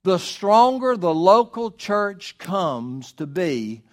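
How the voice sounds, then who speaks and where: A male pastor, preaching a sermon emphatically, with rhetorical questions and slowed words for stress. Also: high voice, sing-song.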